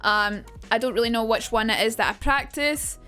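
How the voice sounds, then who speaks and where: A woman's voice: on the high side, normal speed, bright, forceful tone, faint music behind. A young Scottish woman on a casual live stream, chatting and swearing freely as she talks to her chat about accents.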